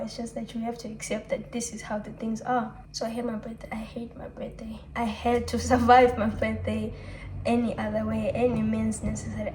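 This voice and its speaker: A young woman pours out her feelings in a rambling, candid vlog confession. Her voice sits a touch high but sounds warm and mellow. A light hiss of background noise runs under the recording. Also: low-quality recording. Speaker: vlogger. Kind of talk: emotional confessional monologue.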